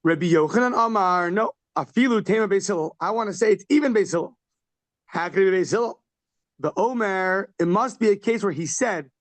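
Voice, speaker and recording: A man with a fairly high voice teaches a daily Talmud class. He reads Aramaic phrases, then breaks them down in relaxed, conversational English, often asking questions aloud. The sound is close and dry. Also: brisk, no echo. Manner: animated questioning with short laughs. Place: class held in person and over a video call.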